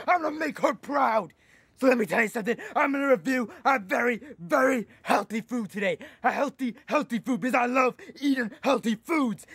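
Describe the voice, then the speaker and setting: A man's voice: extremely high pitch, fairly bright tone, dry recording. A man playing a hot-tempered, boastful eighty-year-old food reviewer who rambles and rants, repeating himself as he goes. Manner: rambling, ranting, repeats "let me tell you something". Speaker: comedy YouTuber in character. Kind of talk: comedic character monologue.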